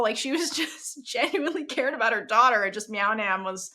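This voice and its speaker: A young woman co-hosting a podcast in casual chat, animated and full of fillers, acting out quoted lines as she talks. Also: on the high side, fairly quick, hardly any pauses. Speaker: podcast co-host.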